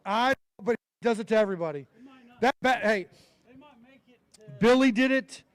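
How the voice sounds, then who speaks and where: A man's voice: sits high, moderate pace, smooth. A man emceeing a fishing tournament weigh-in, bantering and joking with each angler as he reads out the weights. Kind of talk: live tournament announcing. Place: outdoor weigh-in stage.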